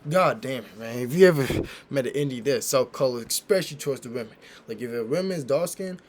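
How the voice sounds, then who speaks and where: A man's voice: medium pitch, expressive, fast, background noise. A man hosting a reaction video, commenting in an emphatic, slangy, profane way. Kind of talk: casual commentary.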